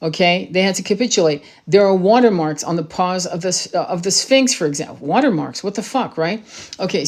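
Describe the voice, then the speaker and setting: A woman giving an impassioned spiritual monologue to her audience, blunt and profane, with emphatic rhetorical asides. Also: mid-range voice. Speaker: spiritual channel host.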